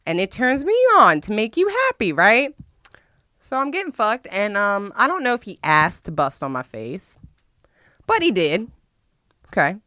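A woman's voice: mid-range voice, big pitch swings, unhurried, long pauses, bright, forceful tone, dry recording, studio quality. A young adult woman telling a frank, profane story to her listeners, laughing often as she talks. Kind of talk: candid storytime monologue.

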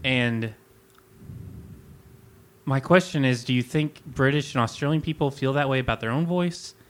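A man co-hosting a podcast, chatting in a relaxed, easygoing way about music and accents. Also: mid-range voice, moderate pace. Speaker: podcast co-host. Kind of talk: casual music chat.

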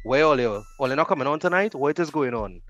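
A man with a Trinidadian accent, a radio host chatting as a podcast guest, telling animated stories. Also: medium pitch, quick pace, muffled recording. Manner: animated storyteller, laughs easily. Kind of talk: casual chat.

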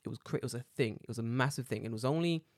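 Fast, swearing London man. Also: medium pitch, no room sound, studio quality. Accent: London English. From United Kingdom. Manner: swearing, animated storytelling with acted-out quotes. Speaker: podcast co-host. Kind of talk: casual chat.

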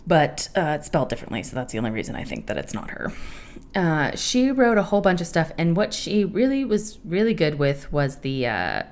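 A woman in her thirties hosting a podcast, chatting candidly and laughing often, with a profane, animated way of telling stories. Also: low voice, fairly quick. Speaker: podcast host. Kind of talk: casual podcast chat.

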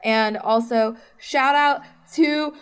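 A woman's voice: on the high side, takes it slowly, clean tone. A young woman on a casual film podcast, upbeat and giggly, sharing earnest praise. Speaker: podcast guest. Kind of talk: casual film review chat.

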